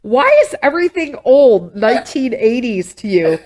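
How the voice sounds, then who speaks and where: A woman's voice: a little high, big pitch swings, moderate pace. A middle-aged woman hosting a podcast, chatting casually and teasing with a laugh. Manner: warm, laughing, motherly teasing. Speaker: podcast host. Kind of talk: casual chat.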